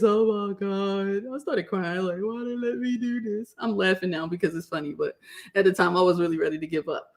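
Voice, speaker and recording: A woman telling her own stories in a casual, lively vlog, laughing often. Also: on the low side. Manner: lively, laughs often, acts out quotes in raised voice.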